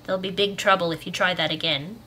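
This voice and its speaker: A woman's voice: fairly low pitch, fairly even intonation, fast, pushed and bright, a little hiss or hum. An Australian woman voicing a stern but kindly tall male caretaker, mildly exasperated and scolding.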